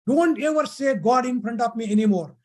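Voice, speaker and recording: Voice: mid-range voice, expressive, a little slow, a little mellow. A storyteller voicing a proud, easily irritated young king who snaps out orders and threats. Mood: angry. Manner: angry, commanding.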